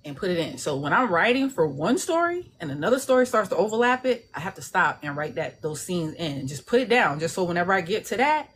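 A woman's voice: on the low side, big pitch swings, fast, hardly any pauses, a little hiss or hum. A woman, an indie author, chatting casually and animatedly, acting out voices with laughter and salty language. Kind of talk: casual chat.

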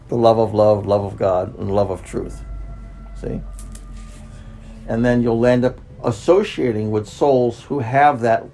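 This low-quality clip features a spiritual teacher giving an unscripted talk in a medium-pitched, somewhat dark male voice. His delivery is repetitive, full of false starts and drawn-out words.

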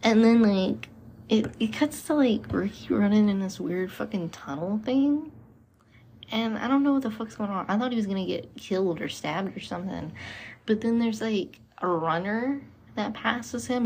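A woman's voice: medium pitch, measured pace, darkish tone, a little hiss or hum. Casual woman recapping a horror film. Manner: laid-back storytelling, swears casually. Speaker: podcast co-host. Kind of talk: casual movie recap chat.

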